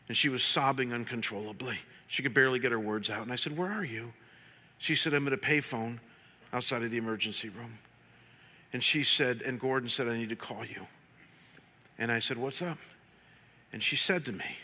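Pastor guy preaching, stammers a lot, goes loud and laughy then real quiet, bright tense voice, long church echo. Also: medium pitch. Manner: emotional storytelling, stammering restarts, swings from loud laughing to hushed. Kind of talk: sermon. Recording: long reverb of a church hall.

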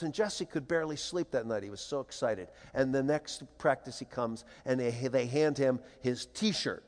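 A man's voice: fairly high pitch, moderate pace. Older man telling stories in a big hall. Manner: animated, playful, acts out voices. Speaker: speaker. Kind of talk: humorous storytelling talk to an audience. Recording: long hall reverb.

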